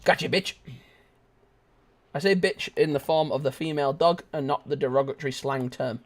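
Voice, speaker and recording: A young man giving live gameplay commentary, chatting casually and shouting sudden excited exclamations. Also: on the high side, moderate pace. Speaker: gaming video host.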